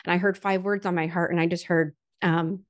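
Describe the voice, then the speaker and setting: Woman, slightly low voice, candid testimony, chatty with fillers, earnest, self-deprecating humor. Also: little pitch movement, brisk. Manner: chatty storytelling with frequent "like" and "um" fillers. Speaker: guest sharing a personal faith story.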